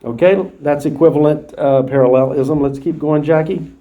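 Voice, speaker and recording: High-voiced man teaching a Bible class. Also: steady tone, normal speed, narrow, tinny audio. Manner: explains verses plainly, restating them in his own words. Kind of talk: verse-by-verse Bible study lecture.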